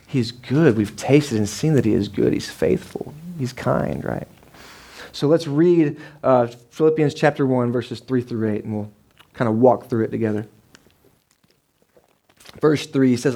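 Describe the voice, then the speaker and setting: A man in his thirties preaches to his congregation in a loose, conversational way, with plenty of asides and quick questions to the room. His voice sits at an ordinary middle pitch for a man, and he speaks from the pulpit of a church sanctuary. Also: creaky, dark tone. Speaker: pastor. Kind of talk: sermon.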